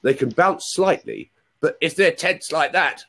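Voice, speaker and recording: A man's voice: on the high side, wildly swooping pitch, unhurried, creaky, fairly bright tone. A man working as a voice coach on a video call. He has a cold and coughs, and he explains patiently, often checking with "right?".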